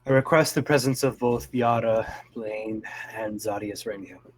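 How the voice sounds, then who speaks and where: A man's voice: fairly low pitch, fairly even intonation, unhurried, dry recording, low-quality recording. A man voicing a dying male adventurer bound by a pact, speaking formally and curtly in character during a tabletop role-play. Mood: urgent. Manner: formal, curt and commanding.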